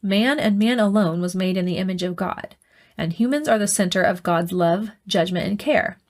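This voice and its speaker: A woman's voice: medium pitch, steady tone, fairly quick, gravelly, a little mellow. A woman voicing a stubborn, devout male ship doctor who speaks firmly, in an audiobook. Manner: firm.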